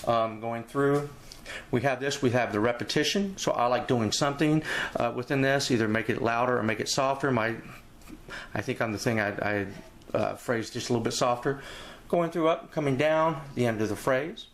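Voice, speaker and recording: A man teaching a jazz etude in a relaxed, rambling way, walking through the music and scatting phrases aloud. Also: medium pitch, normal speed. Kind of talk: casual instructional walkthrough.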